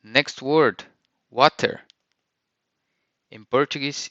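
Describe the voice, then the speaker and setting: A man's voice: medium pitch, takes it slowly, long pauses, bright, forceful tone, clean tone, no echo, muffled recording. A man teaching a vocabulary lesson, saying each word and repeating it with careful pronunciation. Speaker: language teacher.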